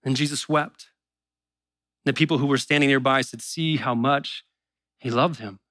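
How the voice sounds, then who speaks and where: A man preaching a sermon in a relaxed, conversational way, acting out the doubts of believers in quick asides. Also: medium pitch, no room sound. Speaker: pastor.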